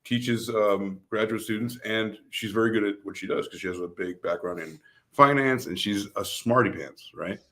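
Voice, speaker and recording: A man co-hosting a casual podcast, joking, swearing freely and thinking out loud. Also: on the low side, moderate pace. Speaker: podcast co-host.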